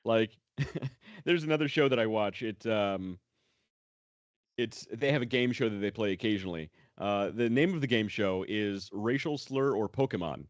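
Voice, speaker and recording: A man's voice: fairly low pitch, expressive, moderate pace, no room sound, highs cut off. Easygoing man bantering on a podcast. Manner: easygoing, teasing banter, reads viewer comments. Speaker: podcast co-host. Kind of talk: casual chat.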